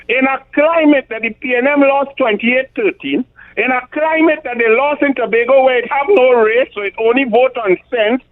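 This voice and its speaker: A middle-aged man with a Trinidadian accent, hosting a talk radio show and giving emphatic political commentary, often stumbling over numbers. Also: very high-pitched. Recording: tinny phone-like radio sound.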